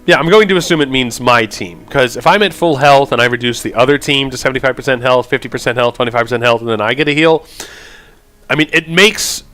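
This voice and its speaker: A man hosting a let's play, chatting casually and reading game text aloud, thinking out loud and stumbling over unusual words. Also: medium pitch, no echo.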